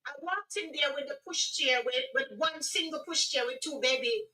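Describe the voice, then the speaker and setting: A middle-aged woman with a Jamaican accent, earnestly telling her life story as a guest, with halting restarts. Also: high-pitched, pushed and bright, far from the mic, poor audio. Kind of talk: personal testimony on a radio livestream.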